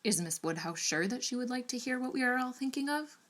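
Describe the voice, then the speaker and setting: A woman doing a blunt, dry gentleman. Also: a little high, expressive, a little fast, a little hiss or hum, voice pushed up. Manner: distinct and pointed.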